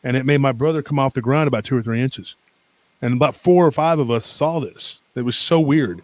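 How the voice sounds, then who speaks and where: As a podcast guest, a man tells a long personal story, animated and rambling, full of fillers and restarts. His medium-pitched voice moves fairly quickly, with no echo.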